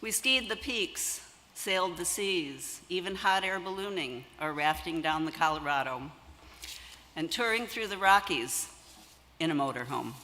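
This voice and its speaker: A woman in her seventies, a longtime family friend, reading measured remarks at a memorial service. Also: on the low side, lively intonation, pushed and bright. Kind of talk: memorial tribute. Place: church sanctuary. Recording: long church-hall reverb.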